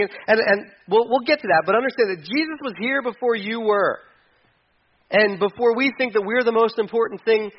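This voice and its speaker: High-pitched guy pastor preaching, animated, acts out whiny complaints, muffled lo-fi sound. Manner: animated, mimics whiny complaints, trails off quietly. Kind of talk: sermon. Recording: dull lo-fi sound.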